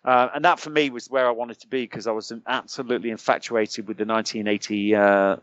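A British man, a former soldier and podcast guest, telling animated stories in casual chat, chuckling and restarting his sentences. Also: lowish voice, brisk, dry recording, dull audio. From United Kingdom. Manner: animated anecdotes, chuckles often, many restarts. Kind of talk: casual storytelling.

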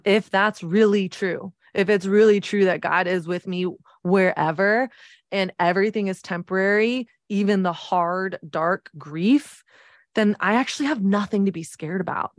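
A woman's voice: mid-range voice, a little slow, no room sound, studio quality. A woman in her thirties hosting a podcast, telling a personal story in an earnest, reflective way with many "like" fillers. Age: 30s. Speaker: podcast host.

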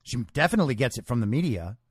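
A man's voice: mid-range voice, big pitch swings, racing, husky, no room sound, studio quality. A man hosting a podcast, giving an opinionated solo monologue with emphatic delivery and rhetorical questions. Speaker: podcast host.

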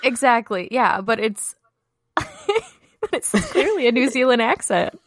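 A woman's voice: a little high, lively intonation, a little slow, no echo. A woman co-hosting a podcast in casual chat, giggly and teasing with playful exasperation. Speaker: podcast co-host.

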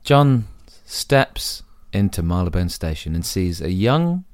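A man improvising a comedy story with a co-host, dropping deadpan twists. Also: deep voice, unhurried, dry recording.

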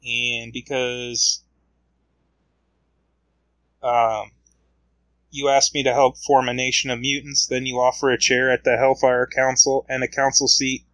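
A man's voice: medium pitch, a bit bright, no echo, rough recording. A man casually retelling a comic book story, rambling along with frequent fillers.

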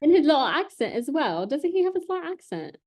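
A woman's voice: sits high, big pitch swings, fairly quick, darkish tone. A woman co-hosting a podcast, chatting casually and eagerly about reality TV, often laughing. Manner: enthusiastic, emphatic, laughing. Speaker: podcast co-host.

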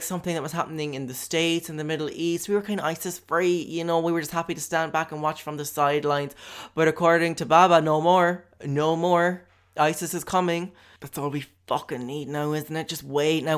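A man's voice: a little high, level tone, a little fast, hardly any pauses, a bit bright, smooth. A young man with a Cork Irish accent, riffing through a rambling, profane comic monologue as a podcast host. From Ireland. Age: young adult. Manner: rambling, profane, jokey, with lots of fillers. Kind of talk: comedic monologue.

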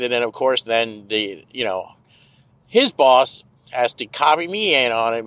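Brief: middle-aged man, casual sarcastic rant, heavy swearing, mid pitch, recorded in a car. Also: unhurried, fairly bright tone, dry recording, low-quality recording. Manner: profane, ranting, sarcastic. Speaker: podcast host. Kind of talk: casual rambling monologue. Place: car, driving.

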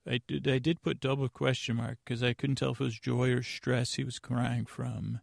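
A man hosting a podcast, giving a rambling, deadpan comedic recap of an episode with lots of fillers and restarts. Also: medium pitch, moderate pace, gravelly, dry recording, studio quality. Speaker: podcast host.

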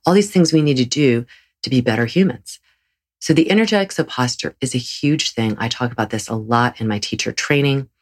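A woman's voice: extremely low pitch, a little fast, slightly rough. A woman hosting her own podcast as a yoga teacher, talking earnestly and encouragingly in a solo episode, with frequent restarts.

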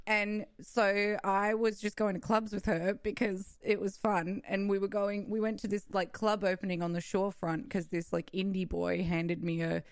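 A woman's voice: medium pitch, level tone, moderate pace, few pauses, clean tone, no room sound, studio quality. A woman comedian on a podcast, telling rambling stories and making crude jokes. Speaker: comedian guest. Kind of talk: casual group chat.

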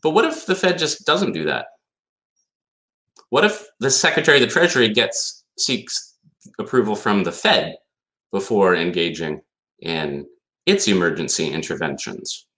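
Male lecturer, bright tense tone, emphatic, keeps throwing rhetorical questions at the room. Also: on the low side, big pitch swings, normal speed. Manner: reads statute passages aloud. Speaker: conference speaker on law. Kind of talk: academic lecture.

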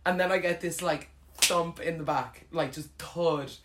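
An Irish woman telling a funny story in casual chat, animated, with frequent laughs and lots of fillers. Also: sits low, measured pace, noisy background.

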